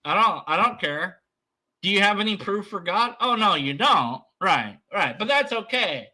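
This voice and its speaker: A man's voice: high-pitched, lively intonation, moderate pace, sharp tone. A man giving rambling, sarcastic commentary while reacting to a video. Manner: rambling, mocking, sarcastic asides.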